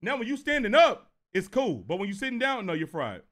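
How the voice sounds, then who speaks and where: A man's voice: high-pitched, brisk. A man streaming live, telling a story to his chat in a casual, profane way. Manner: animated and profane, talks straight to viewers.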